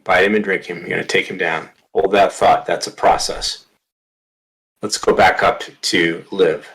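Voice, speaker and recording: A man's voice: deep voice, fairly even intonation, normal speed, fairly bright tone, poor audio. A man running a tabletop horror game, narrating scenes vividly and checking rules with players. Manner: vivid, dramatic narration mixed with rules talk. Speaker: game master.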